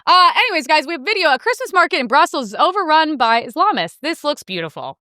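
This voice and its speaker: A young woman hosting a podcast, ranting in casual profane commentary and mimicking people in sharp outbursts. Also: high voice, big pitch swings, quick pace, background noise. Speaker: podcast host.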